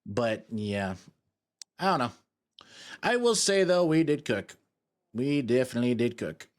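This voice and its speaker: A man's voice: mid-range voice, sing-song, a little slow. Goofy rambling young man streaming. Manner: goofy, rambling, talks to chat while fiddling. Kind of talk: casual live-stream chat.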